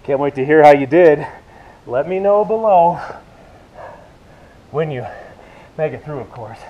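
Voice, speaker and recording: A man's voice: on the high side, expressive, a little slow, dull audio. A man leading a yoga workout, counting reps and cueing moves while he exercises, out of breath. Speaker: fitness instructor. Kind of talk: coaching a workout video.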